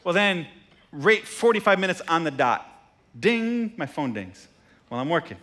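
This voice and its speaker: A male pastor preaching a sermon, an animated storyteller who pokes fun at himself and keeps asking the room "right?". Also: a little high, normal speed. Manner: animated storyteller with self-deprecating asides, tags lines with "right?".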